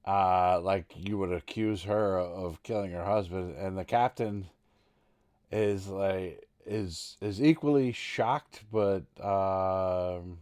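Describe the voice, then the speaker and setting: A man in a lowish register narrates as dungeon master over an online voice call. He talks haltingly, restarting phrases and filling gaps with "uh" as he describes the scene. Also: darkish tone. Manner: halting, with many restarts and fillers. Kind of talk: narrating a tabletop game.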